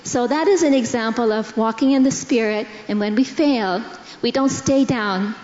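A middle-aged woman tells a church congregation about her own faith in a slow, earnest voice. Her voice sits a little high. The recording is dull and carries the long reverb of a big hall. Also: a little mellow. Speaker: pastor's wife sharing testimony. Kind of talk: personal testimony in church. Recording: echoey hall, dull sound.

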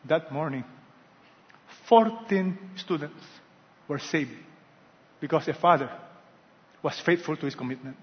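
Male pastor, high-pitched, preaches with dramatic storytelling and call-and-response; reverberant hall, muffled audio. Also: measured pace, pauses often. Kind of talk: sermon.

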